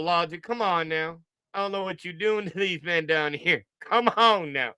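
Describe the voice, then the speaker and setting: A livestream host reacts to content with mocking jokes, teasing and repeating himself as he stretches each joke out slowly. His voice is high, bright and smooth. The recording is close and dry, with no echo.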